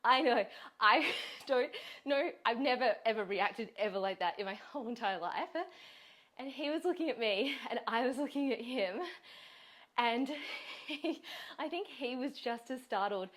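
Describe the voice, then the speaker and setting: A woman's voice: on the high side, lively intonation, normal speed, fairly bright tone. A woman hosting a casual chat, telling a story with lots of energy. She laughs often and swears freely, her voice swinging up and down as she acts out each moment. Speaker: fitness coach and host.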